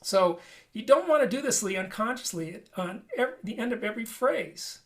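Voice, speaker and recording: A man's voice: high voice, expressive, moderate pace, fairly bright tone. A man teaching a flute lesson in a webinar, talking conversationally and often checking in with "right?". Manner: demonstrates and explains playing habits.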